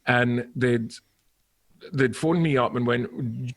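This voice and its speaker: A Scottish man in his forties, a guest actor on a podcast, telling animated stories and laughing often in casual chat. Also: mid-range voice, takes it slowly.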